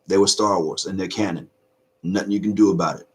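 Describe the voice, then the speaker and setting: A middle-aged man hosting a casual reaction video, choked up with emotion, talking earnestly in halting restarts. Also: deep voice, steady tone, breathy edge. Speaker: YouTube reaction host.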